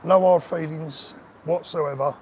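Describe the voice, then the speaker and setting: Older guy live streaming outside, earnest chatty host, slightly high voice, faint traffic noise behind. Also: steady tone, unhurried, darkish tone. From England. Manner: earnest, emotional, talking straight to viewers as mate. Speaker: livestream host. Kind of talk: live-stream chat reading viewer comments. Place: outdoors on a town street.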